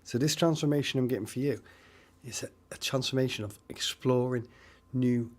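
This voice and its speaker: A man's voice: mid-range voice, normal speed. A man hosting a live stream, giving rambling psychic readings and addressing viewers by name.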